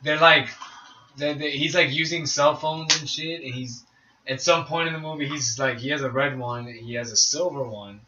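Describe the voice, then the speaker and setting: A young man co-hosting a podcast, telling a rambling story among friends with halting restarts, frequent laughs and casual swearing. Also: on the high side, steady tone, dull audio. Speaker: podcast co-host. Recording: roomy echo, distant mic, faint room hiss.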